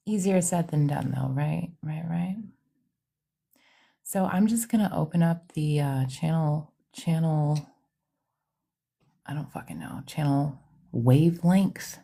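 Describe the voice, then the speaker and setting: A psychic medium hosts a livestream from her home studio, half-whispering as she chats casually and greets viewers by name. Her voice is low, gravelly, husky, and dark in tone.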